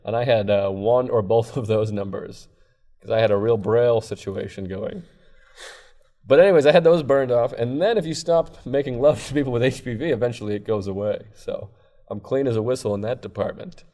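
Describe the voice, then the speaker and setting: A man's voice: mid-range voice, a little fast, dark tone. Comedian guy rambling on a podcast, candid, pokes fun at himself, casual chat. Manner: rambling, self-deprecating, candid. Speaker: comedian guest. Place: comedy club.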